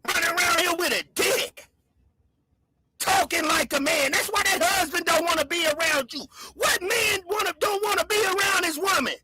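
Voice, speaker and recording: A woman hosting a livestream, loudly hurling mocking insults in a shouting rant. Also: very high voice, moderate pace, heavy background noise. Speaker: livestream host.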